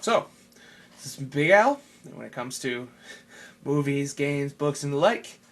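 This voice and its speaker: A man's voice: mid-range voice, animated, measured pace. A man giving a casual, rambling movie review, swearing freely and leaning on "you know". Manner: profane, rambling, heavy "you know" fillers. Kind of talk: casual spoken review rant.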